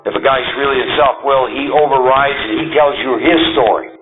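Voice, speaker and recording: A man's voice: mid-range voice, brisk, phone-quality sound, over music. Emphatic man speaking to a recovery group. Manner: emphatic, animated, often asks the audience "see?" and "right?". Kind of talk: spoken talk to a recovery group.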